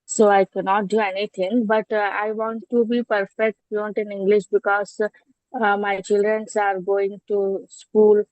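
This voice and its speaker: A woman learning English, talking in an online class with many pauses and restarts. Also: mid-range voice, flat delivery, darkish tone, no room sound, low-quality recording. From India. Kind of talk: English speaking practice. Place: at home. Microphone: online class audio.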